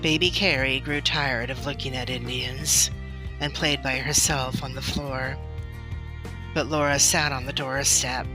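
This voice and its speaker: A woman reading a children's novel aloud in a gentle, expressive storybook manner. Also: very deep voice, measured pace. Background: soft music.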